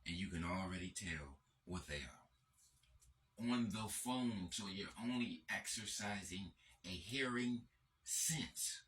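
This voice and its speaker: Male host, very deep and forceful, repetitive profane lecture style. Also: expressive, slow. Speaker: channel host. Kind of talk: lecturing monologue.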